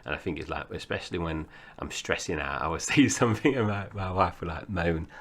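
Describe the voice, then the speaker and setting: This deep-voiced man in his forties, from Essex, England, speaks briskly with a slightly rough edge and a Cockney-tinged accent. He co-hosts a casual film podcast, rambling chattily and laughing often.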